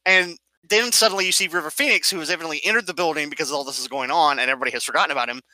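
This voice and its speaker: A man's voice: on the high side, racing, dry recording, poor audio. A man in casual conversation, animatedly retelling film scenes and explaining details. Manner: animated storyteller, acts out scenes. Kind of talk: casual movie discussion.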